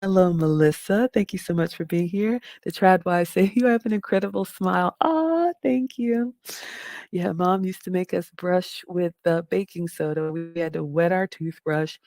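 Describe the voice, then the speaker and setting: Middle-aged female livestream host: deep, raspy, chatty, talks straight to her viewers; dry, close recording. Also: fairly even intonation, normal speed, hardly any pauses, dry recording. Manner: chatty, warm toward viewers, reads comments aloud. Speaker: livestream host reading chat. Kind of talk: casual livestream chat.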